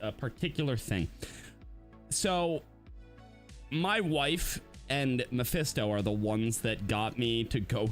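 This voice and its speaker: A man co-hosting a live-streamed podcast, talking casually and laughing often, with quick swings into mocking put-on voices. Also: medium pitch. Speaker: podcast co-host.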